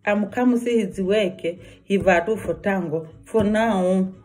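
Slow, earnest woman vlogger. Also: mid-range voice, darkish tone. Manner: earnest, repetitive, broken English. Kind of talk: personal warning vlog.

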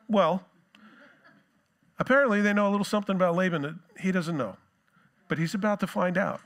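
A male pastor preaching a sermon in a relaxed, conversational way with joking asides. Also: high-pitched, a little fast, pauses often.

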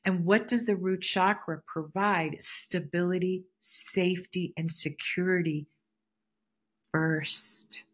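A woman hosting her own podcast, musing in a relaxed spiritual monologue that circles back and repeats her phrases. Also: fairly low pitch, takes it slowly, husky. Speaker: podcast host. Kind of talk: casual solo podcast monologue.

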